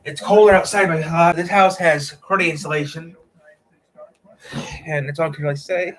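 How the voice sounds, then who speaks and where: A man's voice: fairly high pitch, fairly even intonation, moderate pace, fairly bright tone. Rambling man chatting on a live stream. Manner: rambling, hesitant, lots of fillers. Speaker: livestream host. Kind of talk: casual live-stream chat. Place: cold room in a house.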